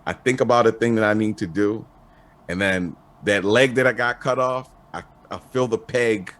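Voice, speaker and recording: A man with a very deep voice chats as an interview guest. He is laid-back and halting, restarts his thoughts, and swears casually. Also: a bit bright. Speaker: interview guest, clothing designer. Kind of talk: casual chat.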